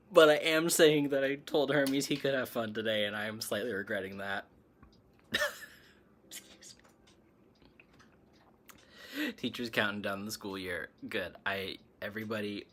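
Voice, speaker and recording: A hiccuping host of a spiritual livestream talks in a loose, rambling way and keeps breaking into giggles. The voice sits at a middling pitch, and a faint hiss runs under the talk. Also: fairly bright tone. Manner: giggly, rambling, laughs often. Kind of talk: casual livestream chat.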